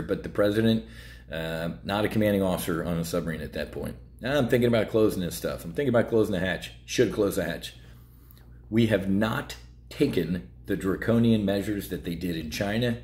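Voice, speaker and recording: A man's voice: fairly low pitch, a little mellow. A man hosting a trading show, talking bluntly and heatedly with many fillers. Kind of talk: casual market commentary.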